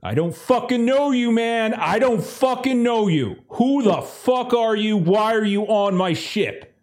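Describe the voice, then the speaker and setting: A man's voice: sits high, animated, unhurried, voice pushed up. A man plays a hulking, hot-headed marine who screams threats with a raised, tight voice. He is furious and trigger-ready. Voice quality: yelling, cursing. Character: swole angry male marine, gun drawn.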